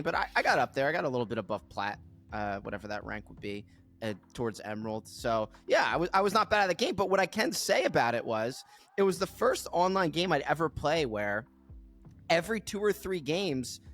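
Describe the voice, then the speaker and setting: A man's voice: mid-range voice, a bit bright. A man co-hosting a podcast in casual chat, often laughing through his sentences with a sarcastic edge. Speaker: podcast co-host.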